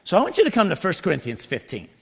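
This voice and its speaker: A man preaching a sermon and reading scripture, animated and swinging between loud emphasis and quiet asides. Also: high voice, racing, vocal fry, husky. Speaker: pastor. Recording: long reverb in a large hall.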